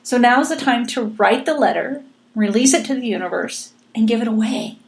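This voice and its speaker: A woman's voice: on the high side, expressive, fairly quick, gravelly. A woman hosting a podcast, chatting earnestly and encouragingly, often repeating her words. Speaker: podcast host. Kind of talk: casual chat.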